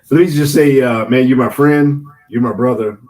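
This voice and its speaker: A man's voice: medium pitch, normal speed, darkish tone. A man co-hosting a podcast who talks casually, with slang and lots of enthusiastic praise. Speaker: podcast co-host. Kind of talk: casual chat.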